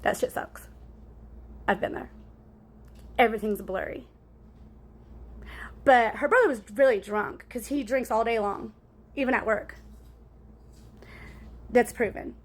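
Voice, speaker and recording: A woman's voice: fairly high pitch, a little slow, long pauses. Rambling woman telling a story to viewers. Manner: rambling, cussing, frequent "right?" asides. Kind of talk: casual storytime monologue.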